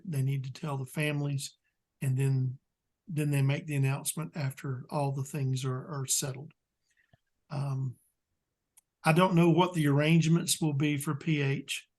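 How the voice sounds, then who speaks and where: A man's voice: fairly high pitch, flat delivery, a little slow. Plain-spoken Southern man, rambling. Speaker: guest expert. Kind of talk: casual interview chat.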